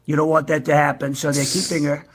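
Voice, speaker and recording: A man's voice: fairly high pitch, level tone, natural voice. A man playing a boastful older male president, rambling from one brag to the next in a comedy impression clip. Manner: rambling bragging monologue, drawn-out superlatives.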